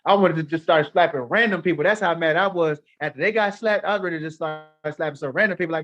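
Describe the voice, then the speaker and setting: A man's voice: fairly high pitch, fast talker, hardly any pauses, fairly bright tone, highs cut off. A man telling a story in casual talk on a live stream, blunt, heated and profane. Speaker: livestream guest.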